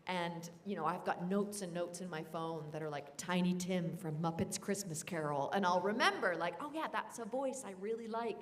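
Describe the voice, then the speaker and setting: A woman's voice: on the low side, normal speed, hardly any pauses. A woman voice actor on a convention panel, giving friendly advice and acting out short voice examples.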